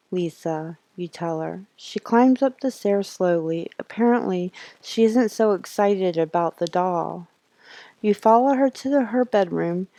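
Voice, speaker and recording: A woman's voice: mid-range voice, mellow, no room sound, poor audio. A woman streamer reading a horror game's text aloud, adding her own asides and laughs. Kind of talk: reading a game aloud live.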